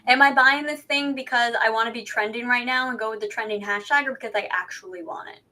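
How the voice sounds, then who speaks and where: Bright, chatty woman co-host. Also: on the high side, fast talker. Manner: chatty, self-deprecating, asks rhetorical questions. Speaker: podcast co-host. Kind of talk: casual chat.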